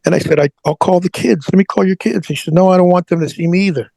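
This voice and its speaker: A middle-aged man with a gravelly, husky voice that sits a little high for a man. He tells an emotional personal story haltingly, stumbling over and repeating words. The sound is close and dry. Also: dark tone, no room sound, poor audio. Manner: halting, repeats words, prays aloud in retelling. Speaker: interview guest.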